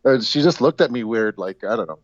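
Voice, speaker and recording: This man has a medium pitch and lively intonation, and he speaks haltingly as a guest on a video call, repeating words and chuckling at his own jokes. It is a casual chat, and his sound is dull, muffled, and fully dry with no room sound.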